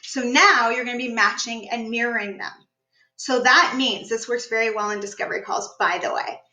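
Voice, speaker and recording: A woman business coach teaching a live online workshop, upbeat and energetic, standing as she talks. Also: a little high, normal speed, reverberant, low-quality recording. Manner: energetic, upbeat, demonstrates voices while teaching. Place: room, standing.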